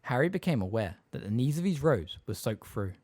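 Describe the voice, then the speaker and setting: A man narrating an audiobook in an expressive storytelling style. His pitch moves lively up and down through the lines. The recording is dry and close, with no room sound. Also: fairly quick, dry recording. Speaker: audiobook reader. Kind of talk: scripted narration.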